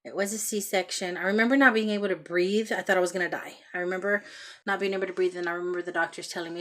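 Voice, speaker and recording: A woman telling a heartfelt story about her son's birth in a casual vlog, with many pauses and ums. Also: on the low side, steady tone, fairly bright tone. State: out of breath. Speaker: vlogger, mother.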